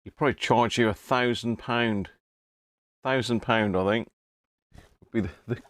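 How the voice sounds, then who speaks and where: A man's voice: medium pitch, fairly even intonation, normal speed, pauses often, no echo. A man hosting a live stream, chatting casually and muttering to himself as he rewires a radio on his workbench. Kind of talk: casual live-stream chat while working.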